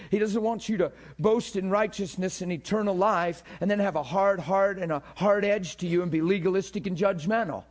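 A man's voice: high-pitched, a little mellow. A man teaching a class in a sermon style, conversational and often checking in with his listeners, repeating words as he builds a point.

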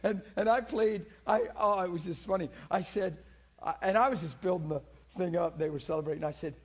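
A man preaching a sermon, telling healing stories in a lively, teasing way and laughing often, moving from quiet asides to loud peaks. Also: high voice, brisk, husky. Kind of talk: sermon storytelling about healings.

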